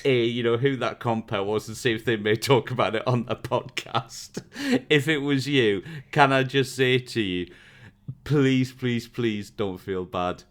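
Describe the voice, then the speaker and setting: A man's voice: medium pitch, measured pace. A man, a podcast co-host and comedian, telling an anecdote with lots of laughter in casual chat.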